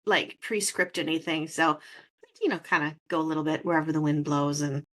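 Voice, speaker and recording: A chatty woman with a Minnesota accent hosts a casual podcast interview. Her voice sits a little low, and she laughs easily as she talks. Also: fairly even intonation, brisk, fairly bright tone. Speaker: podcast host.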